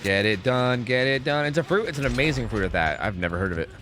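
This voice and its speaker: A young man streaming gameplay, swearing a lot and swinging between shocked yells and low mumbled asides. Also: animated, quick pace, slight background noise. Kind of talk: live gameplay commentary. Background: game music.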